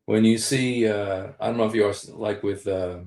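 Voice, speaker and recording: A man's voice: fairly low pitch, fairly even intonation, moderate pace, darkish tone. A man in his sixties giving casual livestream commentary, rambling, repeating key phrases and speaking straight to his viewers. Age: 60s. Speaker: live streamer. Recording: roomy echo.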